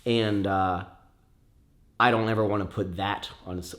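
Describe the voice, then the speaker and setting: A man's voice: on the low side, normal speed, fairly bright tone. Rambling young man in casual Q&A. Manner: rambling, many fillers and restarts, turns emotional at times. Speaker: YouTuber answering viewer questions. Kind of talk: casual Q&A chat.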